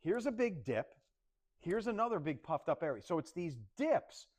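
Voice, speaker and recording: A male TV meteorologist walks viewers through the forecast in a joking, easygoing way. His voice sits a little high and swoops up and down with lots of life. He laughs often as he goes. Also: normal speed. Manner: playful, animated, laughs often. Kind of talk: casual forecast banter.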